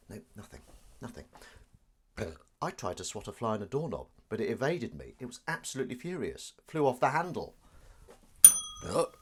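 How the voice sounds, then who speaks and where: Animated jokey man on a live stream. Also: mid-range voice, fast talker, a little hiss or hum. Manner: jokey, self-mocking, reads viewer comments aloud. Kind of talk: casual live-stream chat.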